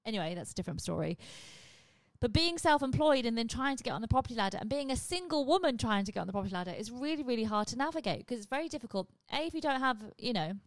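Woman comedian at home, rapid-fire casual chat, blunt, dry close sound. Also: on the high side, very animated, no room sound. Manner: chatty, blunt, swears freely. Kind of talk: casual monologue to camera.

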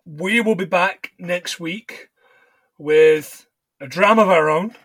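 A man co-hosting a casual film podcast, with a voice pitched a little high. He talks in loose, joking banter. The recording is dry and close, with no room sound. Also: takes it slowly, fairly bright tone, breathy edge, no room sound. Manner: banter-heavy, playful sign-off patter. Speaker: podcast co-host.

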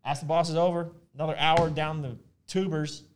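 Slight background noise sits under this man's slightly high, slightly quick voice as he co-hosts an easygoing podcast on supplements. He drifts along loosely, restarting sentences and filling gaps.

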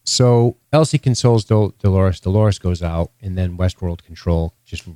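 A man's voice: deep voice, moderate pace, mellow, no echo. A man co-hosting a casual podcast, recapping an episode and reading out lines of dialogue. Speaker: podcast co-host.

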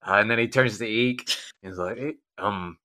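A man's voice: on the low side, fairly even intonation, brisk, sharp tone. A man playing a tabletop game, talking in sheepish, mumbled asides. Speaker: player.

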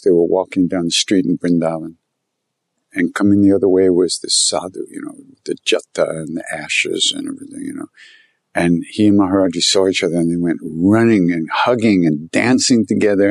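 Low-voiced man telling a rambling story. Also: fairly quick, vocal fry, no room sound. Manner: rambling, animated, repeats himself. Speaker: guest telling stories about his teacher. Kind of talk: conversational storytelling.

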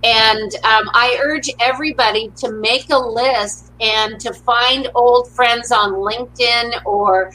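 A woman's voice: a little high, steady tone, slow, few pauses, sharp tone, poor audio. A middle-aged woman, a motivational speaker, chatting in an interview and telling upbeat stories with quoted lines acted out. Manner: upbeat storyteller who acts out quotes. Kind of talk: casual interview conversation.

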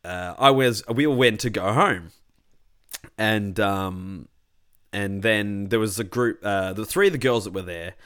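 A man's voice: fairly low pitch, a little slow, a bit bright, clear, resonant tone. A young Australian man telling a rambling party story in casual chat, swearing freely.

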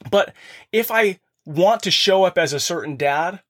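A man's voice: high-pitched, unhurried, fairly bright tone. A man in his thirties or forties hosting a podcast for fathers, giving an earnest motivational talk from his home office and speaking straight to the listeners. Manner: earnest, addresses listeners directly. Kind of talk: motivational monologue.

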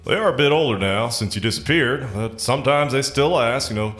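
A man's voice: mid-range voice, a little fast, a bit bright, natural voice. A man voicing a cheerful male farmer and family man who talks in a folksy, homespun way. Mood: jovial. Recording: roomy recording with faint music.

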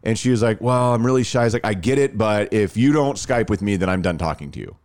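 A man's voice: on the low side, quick pace. A man in his thirties casually telling a personal story on a podcast, acting out the dialogue. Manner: animated, acts out quoted dialogue.

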